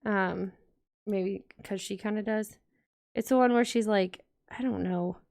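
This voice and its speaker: A woman's voice: mid-range voice, a little slow, gravelly, darkish tone. A woman vlogger chatting casually to her viewers while decorating a planner, rambling and talking straight to the audience. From United States.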